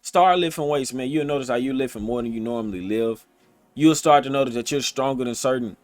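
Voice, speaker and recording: A man's voice: medium pitch, a little fast, dry recording, soft background music. A man vlogging straight to his viewers in an emphatic, repetitive, streetwise way, with a streaming setup on his computer. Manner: colloquial, streetwise phrasing. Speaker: motivational vlogger. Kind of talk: casual direct-to-camera talk. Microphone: streaming setup, computer recording.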